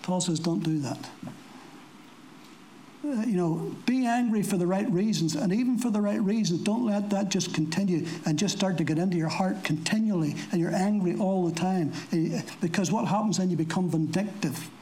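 This is a preacher's sermon before a congregation at a church service. The voice sits at medium pitch with a dark tone, and the recording is poor, carrying a little hiss or hum. He speaks plainly, tosses in rhetorical questions and dry asides, and slows for scripture quotes.

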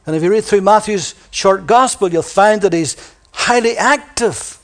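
A man with a fairly high voice preaches a sermon in a church. He is emphatic and drags out the words he wants to land, and he drops soft and quiet when he reads scripture aloud. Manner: emphatic, slows down to stress key words.

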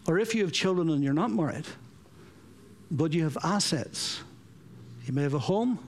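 High-voiced earnest male preacher. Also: vocal fry. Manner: earnest, pleading, repeats for emphasis. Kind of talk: sermon.

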